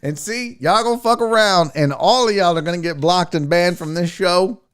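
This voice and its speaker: A man's voice: high-pitched, moderate pace, clean tone. A man hosting a sports talk livestream, chatting casually and profanely while teasing his chat. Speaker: sports show host.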